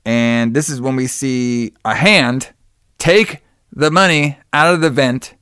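A man's voice: mid-range voice, slow pace, clear, resonant tone, no room sound, clean studio sound. A man casually recapping a movie plot as a podcast co-host, swearing freely and acting out the characters' lines. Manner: profane, animated storytelling with quoted voices.

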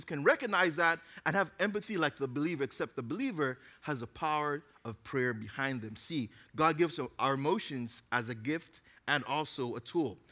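A man's voice: a little high, pushed and bright. A man preaching a casual, conversational sermon to a youth group, with joking asides. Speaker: youth pastor.

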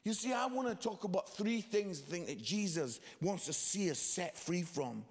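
A preacher in a large hall tells comic stories and slips into the voices of the people in them. His pitch sits high for a man and swings widely. A long reverb hangs on every line. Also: expressive, normal speed. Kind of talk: sermon with comic storytelling.

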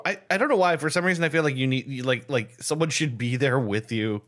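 A man's voice: medium pitch, fast. A man co-hosting a podcast in casual chat, laughing easily and hedging. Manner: laughs easily, hesitant, animated. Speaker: podcast co-host.

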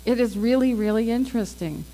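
A woman's voice: fairly high pitch, animated, a little fast, warm tone, low-quality recording. A woman telling stories from her faith in a casual, chatty way, acting out what people said and using "like" often. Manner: acts out quoted dialogue, chatty with many "like"s. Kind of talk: casual testimony storytelling.

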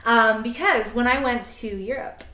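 A woman in her twenties from Canada, chatting casually on a podcast and telling a story in an animated way, acting out quotes. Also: a little high, roomy sound. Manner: animated, quick, laughing asides, acts out quotes. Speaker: podcast co-host.

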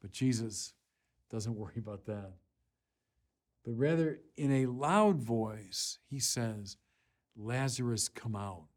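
Delivering a sermon, an animated man in a mid-range voice takes his time, occasionally restarting, then rises to forceful emphasis on the lines that matter most.

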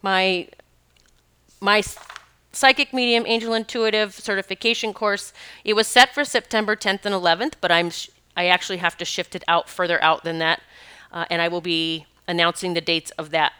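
A woman's voice: lowish voice, fairly even intonation, moderate pace, pushed and bright, clear, resonant tone. A woman hosting her own podcast in a chatty, gushing, emphatic way, telling listeners about people and her upcoming spiritual courses. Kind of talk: casual podcast chat.

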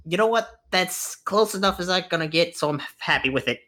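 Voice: mid-range voice, lively intonation, a little fast, bright, forceful tone. A tabletop role-play player who reacts with incredulous questions and often trails off.

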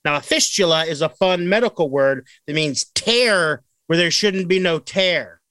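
A man's voice: fairly high pitch, animated, a little slow, sharp tone, dry recording. A man hosting a casual podcast, reading odd news stories aloud with crude joking asides.

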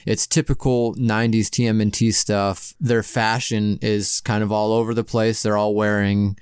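Smooth, low-voiced podcast co-host. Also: male voice, little pitch movement, moderate pace, darkish tone, dry recording, studio quality. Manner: loose and swears freely, laughing as he talks. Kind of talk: casual chat.

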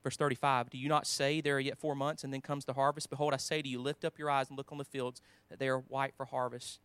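A man preaching a sermon in a conversational way, with restarts, quoting scripture, swinging between emphatic lines and quiet asides. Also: mid-range voice, little pitch movement, fast talker, smooth, no room sound.

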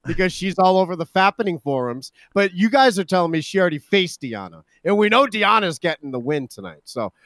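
A man's voice: high-pitched, big pitch swings, brisk, hardly any pauses, a bit bright, no echo, studio quality. A man co-hosting a casual wrestling chat, brash and profane, trash-talking his co-hosts. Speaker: podcast co-host.

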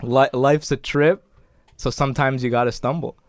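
A man co-hosting a podcast in casual chat, animated and fond of silly impressions. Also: medium pitch, moderate pace, no room sound. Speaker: podcast co-host.

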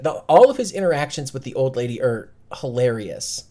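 A man's voice: mid-range voice, big pitch swings, fairly quick, dark tone. A man co-hosting a podcast in casual chat, rambling with fillers and restarts. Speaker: podcast co-host.

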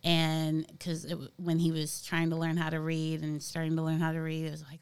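A middle-aged woman chats easily on a podcast, often stopping with ums and restarting her sentences. Her voice sits fairly low and sounds smooth and clear. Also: completely flat delivery, fairly quick, few pauses, a little mellow. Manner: chatty, hesitant with many ums and restarts. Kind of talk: casual chat.

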